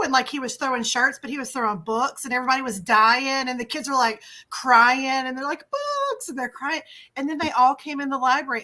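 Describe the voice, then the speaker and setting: A middle-aged woman hosting a webinar, chatty and animated, often restarting her sentences. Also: sits high. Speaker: librarian and webinar host.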